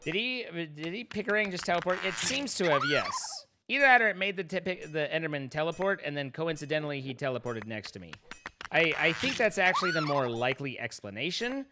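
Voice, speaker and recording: A man's voice: on the high side, sing-song, brisk, background noise. Rambling joking man streaming a game. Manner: rambling, self-mocking joking to chat. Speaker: livestreamer. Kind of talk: casual gaming livestream chat.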